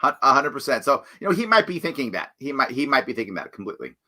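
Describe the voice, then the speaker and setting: A man's voice: medium pitch, very animated, very fast, sharp tone. A man hosting a live-stream chat show, talking casually and animatedly, often laughing and rambling. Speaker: host.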